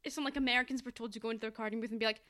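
A woman's voice: on the high side, steady tone, rapid-fire, a bit bright. A woman co-hosting a podcast in casual chat, dropping wry, dry quips. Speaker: podcast co-host.

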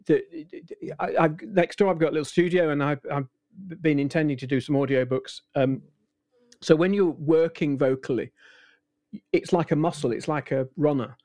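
A man in his sixties, an impressionist, telling anecdotes in a relaxed, rambling interview with many restarts. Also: fairly high pitch, normal speed, no echo. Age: 60s. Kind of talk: casual interview chat.

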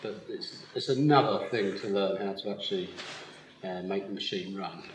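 Man, low voice, easygoing mill owner, live interview, roomy festival recording, faint noise. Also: moderate pace. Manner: easygoing, laughs often. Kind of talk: live podcast interview, explaining his work.

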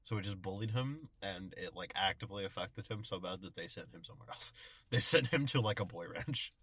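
A man co-hosting a casual podcast chat, crude and joking, chiming in with loud bursts. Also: deep voice, brisk, husky, no room sound. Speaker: podcast co-host. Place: in a car.

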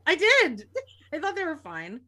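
A woman's voice: high-pitched, huge pitch swings, measured pace, bright, forceful tone. A woman chatting casually on a podcast in a wry, giggly way. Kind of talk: casual chat.

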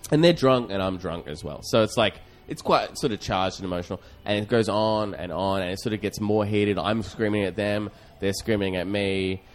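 A man's voice: lowish voice, normal speed, hardly any pauses. A man, a comedian hosting a podcast who tells a story in a rambling, self-deprecating way with lots of fillers. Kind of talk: casual storytelling.

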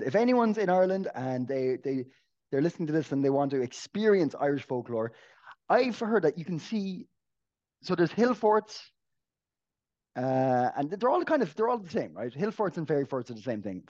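Higher-voiced man, laughing chatty co-host. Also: very animated, moderate pace, a little mellow, dull audio. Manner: joking, laughs often, many restarts. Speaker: podcast co-host. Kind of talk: casual podcast chat.

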